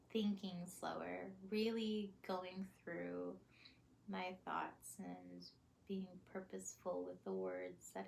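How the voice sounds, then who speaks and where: A young woman in a casual, reflective vlog. She talks slowly and softly, feeling her way through each thought with fillers and pauses. Her pitch sits at an ordinary middle level. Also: vocal fry, slight background noise. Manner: soft, thoughtful, hesitant with fillers and small laughs. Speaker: vlogger.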